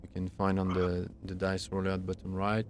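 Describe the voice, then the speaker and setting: A man running a tabletop game as game master over an online call, narrating haltingly with many fillers. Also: low voice, completely flat delivery, noisy background.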